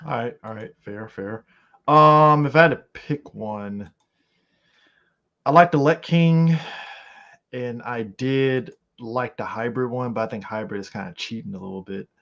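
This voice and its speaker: Animated, profane man on a podcast. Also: mid-range voice, unhurried, vocal fry. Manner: animated, profane, rambling with frequent fillers. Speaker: podcast co-host. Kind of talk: casual chat. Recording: slightly muffled lo-fi audio.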